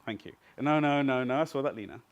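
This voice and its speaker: A man's voice: medium pitch, fast talker, dull audio. A man leading a live workshop, teaching a small group in an interactive way and often checking that they follow. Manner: interactive, keeps checking with the audience. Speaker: seminar trainer. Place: seminar room with a small group.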